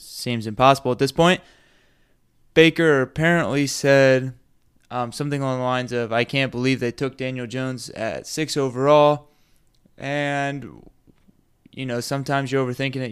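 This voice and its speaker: A man's voice: medium pitch, a bit bright, smooth. A man hosting a sports podcast, talking casually and bluntly, with strong opinions and some mild cursing. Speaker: podcast host.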